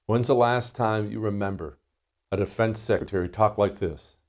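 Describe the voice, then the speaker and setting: Emphatic lower-voiced male talk host. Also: normal speed, darkish tone. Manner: emphatic, indignant. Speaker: radio show host. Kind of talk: political commentary monologue.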